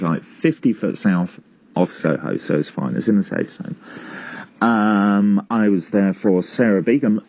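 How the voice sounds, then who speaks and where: A man's voice: low voice, darkish tone, no room sound, lo-fi sound. A man presenting a comic podcast segment, rambling with self-mocking, sweary asides.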